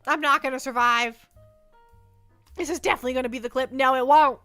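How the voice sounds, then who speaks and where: A woman's voice: sits high, steady tone, a little fast, pushed and bright, faint music behind. A woman livestreaming from her desk at home, chatting playfully and rambling as she reads chat messages aloud.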